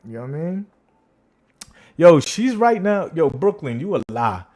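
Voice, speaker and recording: A man's voice: a little high, sing-song, a little slow, darkish tone. Brash taunting man hosting a livestream. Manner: brash, taunting, slangy, addresses chat directly. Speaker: livestream host. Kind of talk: casual livestream chat.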